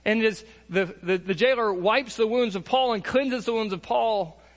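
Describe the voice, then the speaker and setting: A male pastor with a voice that sits high for a man preaches at a moderate pace, retelling Bible stories in a relaxed, conversational way and acting out the people he quotes. The recording carries the long reverb of a large hall.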